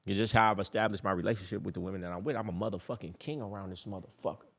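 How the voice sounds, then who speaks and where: A man's voice: sits low, racing, gravelly, husky. A man hosting a dating advice talk in a casual monologue, blunt, boastful and profane, who repeats his points for emphasis.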